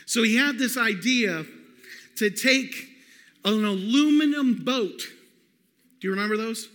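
A man preaching a sermon, telling a personal story in an animated way and calling out to the congregation. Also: very high-pitched, unhurried. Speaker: pastor. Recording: long hall reverb.

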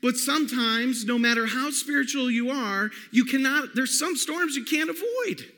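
High, bright-voiced man preaching. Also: moderate pace. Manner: animated storyteller, calls out to the congregation. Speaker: pastor. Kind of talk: sermon with personal story. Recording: long hall reverb.

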